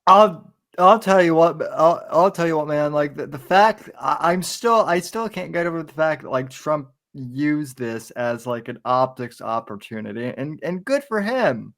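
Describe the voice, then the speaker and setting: A man's voice: a little high, lively intonation, gravelly, a bit bright. A man hosting a casual voice-chat podcast who stumbles and restarts often while reading a sponsor ad. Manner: halting, full of restarts. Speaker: podcast host.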